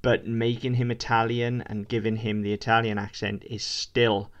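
A man co-hosting a casual podcast in a somewhat low voice. He talks quickly and loosely, stopping and restarting his sentences with frequent ums. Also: level tone, dull audio. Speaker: podcast co-host. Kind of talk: casual chat.

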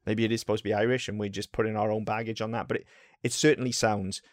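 A man's voice: fairly low pitch, flat delivery, fast talker, no echo, clean studio sound. A Welsh man co-hosting a podcast, talking casually in a rambling way, often restarting and swearing. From Wales. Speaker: podcast co-host. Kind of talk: casual chat.

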